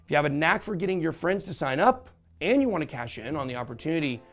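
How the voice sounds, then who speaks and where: A man's voice: fairly high pitch, lively intonation, fast, fairly bright tone. A man hosting a crypto channel, giving an upbeat, salesy sponsored review.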